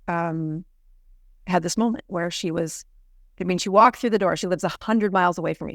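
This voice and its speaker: With a lowish voice and vocal fry, a middle-aged U.S. doctor shares a personal story in conversation, earnest and full of "you know" restarts. The studio-quality recording is dry.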